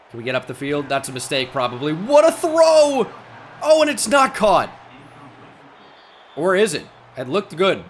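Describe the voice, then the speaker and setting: A man commentating a football video game as he plays, musing quietly and then shouting at big plays. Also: mid-range voice, a little hiss or hum. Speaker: gaming YouTuber. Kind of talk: gameplay commentary.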